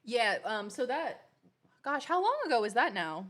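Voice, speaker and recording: A woman's voice: fairly high pitch, very animated, moderate pace, fairly bright tone. A woman, chatting casually with viewers while streaming a game. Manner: chatty, rambling, playful with pets. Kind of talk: casual live-stream chat.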